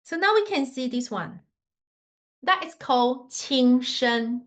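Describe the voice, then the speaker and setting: Slow, high-voiced woman teaching tones. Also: lively intonation. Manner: patient, demonstrating tones with sung scales; simple non-native English phrasing. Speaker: Mandarin teacher. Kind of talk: online language lesson.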